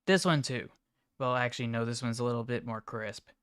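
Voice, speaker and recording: Smooth-voiced man streaming casually. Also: medium pitch, brisk, no echo, studio quality. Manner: offhand and mumbling, with sudden excited outbursts. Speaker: livestreamer reacting to chat images. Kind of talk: casual live-stream commentary.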